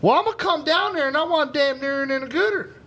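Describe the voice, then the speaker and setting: A man putting on the voice of a rough rural customer who drawls folksy country talk. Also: extremely high pitch, quick pace, very noisy, voice pushed up. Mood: complaining.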